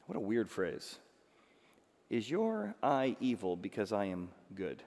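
A man preaching a sermon as pastor, animated and punching words with loud emphasis. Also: on the low side, takes it slowly. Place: church auditorium. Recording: long hall reverb.

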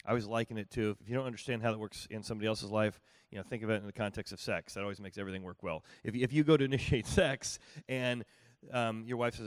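A middle-aged man speaks as a pastor, teaching in a chatty, down-to-earth way and checking in with his listeners through questions. His voice sits at an ordinary pitch. The recording is dry, with the sound close and free of room echo. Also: fairly even intonation, fast talker. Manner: conversational, folksy, asks the audience rhetorical questions. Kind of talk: teaching talk on marriage and listening.

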